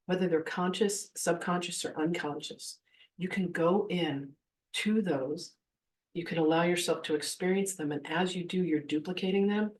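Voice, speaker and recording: A woman's voice: deep voice, distant mic, rough recording. A woman in her fifties, a spiritual teacher telling stories in a live masterclass and acting out the voices she quotes. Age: 50s. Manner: animated, acts out quoted voices.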